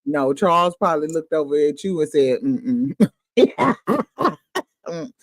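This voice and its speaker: A woman hosting a reaction livestream, teasing and swearing in quick, animated bursts of casual commentary. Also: sits low.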